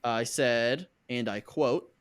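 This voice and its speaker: A man's voice: medium pitch, slow pace, clean tone. A man hosting a podcast in casual chat, joking and rambling with fillers. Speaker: podcast host.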